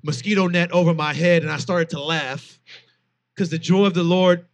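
Earnest storytelling man, slightly high voice. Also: moderate pace. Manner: earnest, animated storytelling with frequent fillers. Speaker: guest author. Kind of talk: personal testimony in a conversation.

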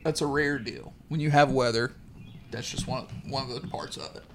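A man's voice: medium pitch, fairly even intonation, normal speed. A man co-hosting a casual racing podcast, talking enthusiastically and giving strong opinions. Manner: enthusiastic, opinionated, laughs easily. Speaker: podcast co-host. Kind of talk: casual chat. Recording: faint background noise.

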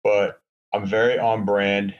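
A man's voice: on the low side, level tone, slow, highs cut off. A man on a podcast, chatting casually and sarcastically with lots of fillers, from a hotel room. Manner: rambling, sarcastic, many fillers. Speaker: podcast co-host. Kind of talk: casual chat.

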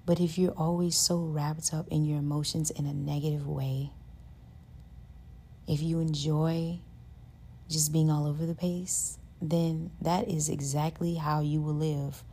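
A woman with a low, flat, gravelly voice that sounds husky and mellow. She hosts a self-help podcast in an earnest, casual monologue full of "like" and "you know". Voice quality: says her voice is high-pitched and gets loud with passion. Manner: earnest, conversational, lots of fillers like "like" and "you know". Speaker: podcast host.

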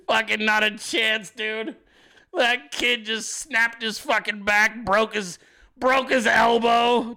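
A male host giving profane comedic political commentary, animated and often laughing. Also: high voice, a little slow.

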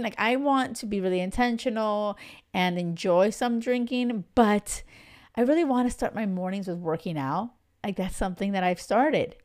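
Smooth-voiced woman podcast host, chatty. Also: mid-range voice, darkish tone. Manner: chatty, many fillers, heartfelt and candid. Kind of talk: casual personal monologue.

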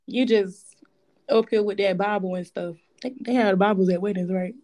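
A woman with co-hosting a casual chat, animated and slangy, laughing often. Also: medium pitch, normal speed.

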